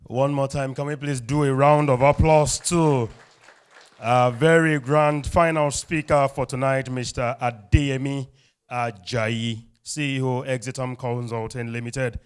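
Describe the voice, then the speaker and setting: A man with a Nigerian English accent hosting a live event, leading the crowd in energetic call-and-response. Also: medium pitch, unhurried, clean tone. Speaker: event host. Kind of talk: lively event emceeing. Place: event hall.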